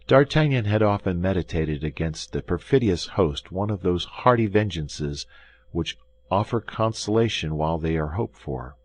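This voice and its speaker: A man narrating an audiobook of a classic novel in a measured, dramatic way. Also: low voice, darkish tone.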